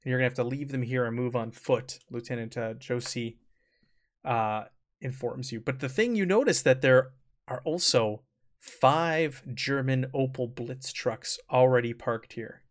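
A man running a tabletop game as game master, narrating in a relaxed way and laughing often. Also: mid-range voice, unhurried.

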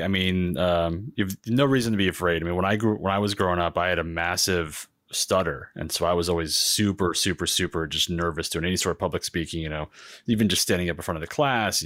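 A man's voice: sits low, fairly bright tone, no echo, clean studio sound. A man co-hosting a podcast, speaking in an earnest, encouraging way in casual chat. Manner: earnest, encouraging, quick-talking. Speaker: podcast co-host.

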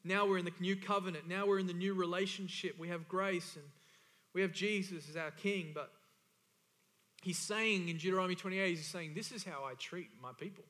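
A man's voice: high voice, steady tone, fairly quick, fairly bright tone. A man preaching a sermon as pastor, emphatic and repeating key phrases for stress. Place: church hall. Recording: church hall reverb.

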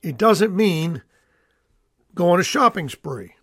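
A middle-aged estate planning attorney hosts an educational, radio-style talk show, explaining rules emphatically and folksily while repeating his key points. His voice is high and sing-song, fairly bright with a breathy edge, and he takes his time. There is no echo.

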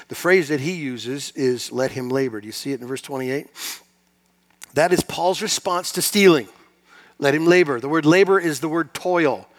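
A middle-aged man preaching a sermon in a church, conversational and self-deprecating, swinging between loud emphatic peaks and quiet asides. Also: medium pitch. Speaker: pastor. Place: church sanctuary.

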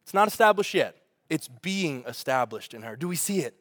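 A man, a pastor preaching a sermon with funny family stories and lively asides. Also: fairly high pitch, moderate pace, no echo, studio quality. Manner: storytelling with humor, animated asides.

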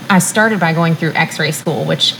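A woman from Virginia talks casually about her work, her voice sitting a little low. She fills her talk with "um" and laughs easily. A faint hiss runs under the recording. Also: a little slow, gravelly, fairly bright tone, rough recording. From Virginia, USA. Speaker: radiation therapist. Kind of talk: casual chat.

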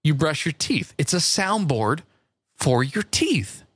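A man co-hosting a podcast, casually bantering and eagerly pitching silly ideas. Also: sing-song, slow pace, a bit bright, breathy edge, no room sound. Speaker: podcast co-host.

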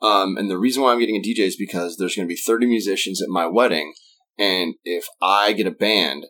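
Lively Southern man telling a story. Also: sits low, fairly quick. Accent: Southern American. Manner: animated, acts out quotes in raised voices. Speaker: podcast guest, wedding band singer. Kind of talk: casual storytelling.

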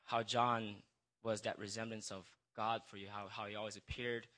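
A man's voice: fairly low pitch, level tone, normal speed, pushed and bright. A young man giving a personal testimony into a handheld microphone at a church gathering, hesitant and nervous, stumbling over restarts and apologizing as he goes.

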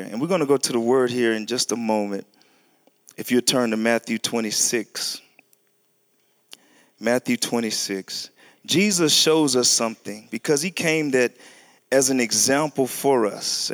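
A man preaching a sermon, reading scripture slowly and deliberately, then breaking into animated, sudden high and loud bursts. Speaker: pastor.

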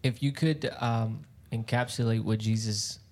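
Low, flat-voiced male interviewer. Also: unhurried.

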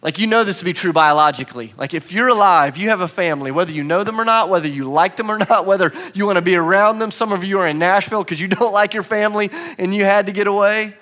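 A man's voice: high voice, quick pace, few pauses, bright, forceful tone. A man in his thirties preaching a sermon in a church, telling a family story with playful self-mockery and emphatic repetition. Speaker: pastor. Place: church sanctuary.

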